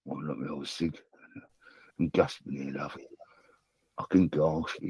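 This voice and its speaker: A groggy man with a husky voice on a phone call, confused, rambling, repeating himself and swearing. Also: a bass voice, level tone, a little slow, darkish tone, no echo.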